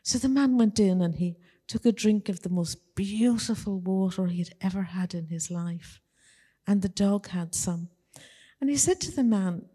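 A woman leading a church service, telling a once-upon-a-time story to the children in a gentle, animated way. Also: mid-range voice, moderate pace, breathy edge. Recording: long church reverb.

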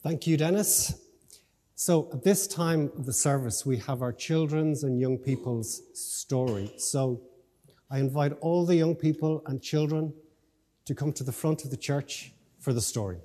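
A man leading a church service, reading a children's story aloud gently and lifting his voice for the characters. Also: on the high side, a little slow. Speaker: minister. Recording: long church reverb with faint music.

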